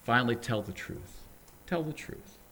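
An earnest male preacher delivering a sermon. He talks plainly while he tells a story, then presses his points with emphatic, fervent exhortation. His voice sits at an ordinary middle pitch for a man. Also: expressive, normal speed, bright, forceful tone.

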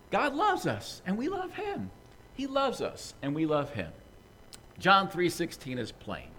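A man preaching a sermon, teaching with emphatic, animated delivery. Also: fairly high pitch, a little hiss or hum, rough recording. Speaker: pastor.

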